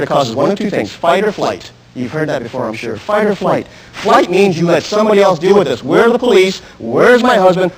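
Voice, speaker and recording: Self-defense instructor, male, high-pitched, intense, talks straight at a live seminar crowd. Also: low-quality recording. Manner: intense, direct, questions the audience. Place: room with an audience. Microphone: archive video recording.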